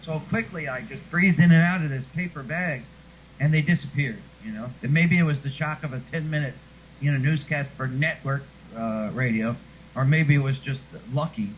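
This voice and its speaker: A man's voice: a little high, normal speed, a little hiss or hum, low-quality recording. A man being interviewed who once read radio news, telling chatty stories and laughing often. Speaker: guest; former radio newscaster. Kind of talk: casual chat.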